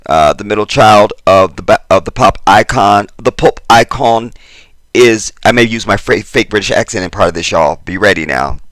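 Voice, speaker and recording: A man's voice: fairly low pitch, a little fast, few pauses, no room sound. Exasperated man ranting to his viewers. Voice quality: swings between loud emphasis and muttered asides. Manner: exasperated, chatty, addresses viewers directly. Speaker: YouTube commentator. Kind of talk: casual commentary vlog.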